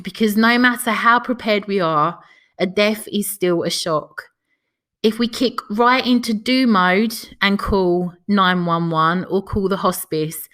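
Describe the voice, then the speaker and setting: A woman hosting a podcast, reading a passage aloud and chatting softly, emotional and close to tears. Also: medium pitch. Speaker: podcast host.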